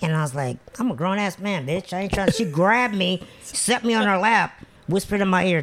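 A man in his fifties with a gravelly, creaky voice, telling crude and profane stories. He talks in a relaxed, casual way and keeps laughing at his own tales. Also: sits high, moderate pace, slight background noise. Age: 50s. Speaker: guest. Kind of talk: casual storytelling chat.

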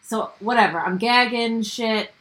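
A woman's voice: a little high, unhurried, low-quality recording. A young adult woman telling a personal story in a casual chat, blunt and profane, acting out the dialogue. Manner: blunt, profane, animated retelling with quoted dialogue.

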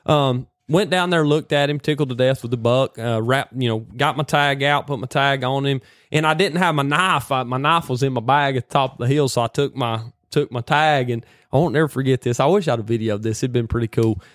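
A man telling a hunting story in a casual, animated way, full of folksy slang. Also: medium pitch, a little fast, no room sound, studio quality.

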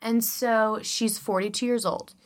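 A woman's voice: fairly high pitch, steady tone, a little slow. A woman in her thirties from Chicago co-hosting a podcast in casual chat, with a forward, musical-theater voice. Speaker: podcast co-host.

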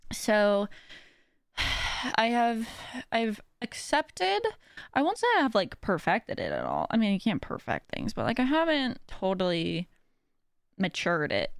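A woman's voice: fairly high pitch, wildly swooping pitch, measured pace, vocal fry, no room sound, clean studio sound. A young woman hosting a podcast, talking casually and self-deprecatingly, often laughing and acting out what others said. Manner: chatty, self-deprecating, laughs often, acts out quoted voices. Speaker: podcast host. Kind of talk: casual personal chat.

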